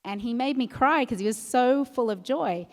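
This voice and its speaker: A bubbly woman with a fairly high voice speaks as a guest on a convention hall stage. She gushes warmly and effusively to the fans. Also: normal speed. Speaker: panel guest, actress. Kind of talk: convention panel talk.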